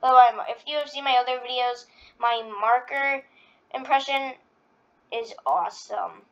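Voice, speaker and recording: A woman's voice: on the high side, moderate pace, lo-fi sound. A woman giving casual reaction-video commentary, rambling with lots of fillers. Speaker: video creator.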